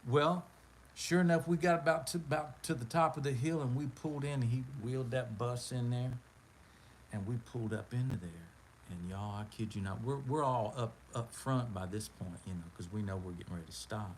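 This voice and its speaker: A man's voice: medium pitch, brisk, a little hiss or hum, low-quality recording. A man hosting a live stream, telling a long story in a rambling, laid-back way. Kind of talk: casual storytelling.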